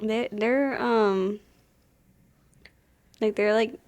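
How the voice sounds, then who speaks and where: A woman's voice: fairly high pitch, fairly even intonation, drawn-out words, darkish tone, dry recording. A woman co-hosting a podcast in casual chat, musing with lots of fillers and laughing along. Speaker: podcast co-host.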